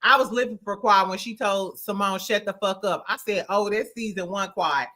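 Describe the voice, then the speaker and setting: A woman's voice: medium pitch, moderate pace, bright, forceful tone. A woman hosting a casual, slangy recap chat, acting out quotes and laughing often. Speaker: podcast host.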